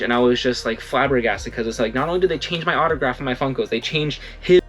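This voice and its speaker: A man's voice: mid-range voice, fast talker, over loud music. Rambling young man telling a story. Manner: rambling, self-correcting, animated quoting. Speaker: vlogger. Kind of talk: casual storytelling.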